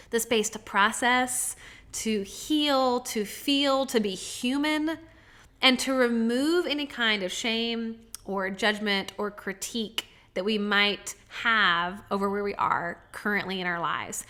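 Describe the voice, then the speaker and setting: A woman hosting a self-help podcast, speaking softly and earnestly, with slow stretched words. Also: on the high side. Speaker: podcast host.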